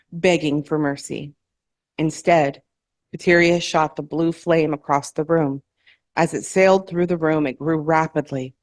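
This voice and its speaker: Woman reading her fiction aloud, measured delivery, lowish voice, dry close sound. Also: dry recording. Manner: measured, careful, self-correcting over slips. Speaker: featured author at an open mic. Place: performance hall, in person.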